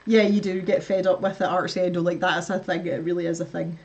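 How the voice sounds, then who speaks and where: A woman's voice: lowish voice, flat delivery, quick pace, lo-fi sound. A woman hosting a casual live stream, chatting to her viewers as she builds, laughing often and muttering to herself. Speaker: livestream host.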